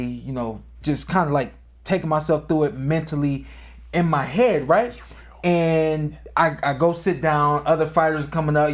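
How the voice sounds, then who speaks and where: A man co-hosting a podcast, telling a personal boxing story in a casual way, acting out quotes, his voice climbing high when the story gets emotional. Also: brisk. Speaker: podcast co-host and former boxer.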